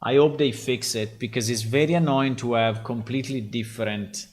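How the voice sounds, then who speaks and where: A man's voice: mid-range voice, steady tone, moderate pace. A man, a game developer on a casual livestream, thinking aloud hesitantly with many fillers and tag questions. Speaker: game developer streaming his work.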